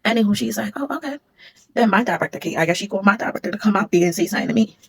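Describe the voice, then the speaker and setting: Fast-talking gravelly woman telling a storytime. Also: mid-range voice. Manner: rapid, animated retelling, acting out what others said. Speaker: former security supervisor telling a storytime. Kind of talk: casual storytime vlog.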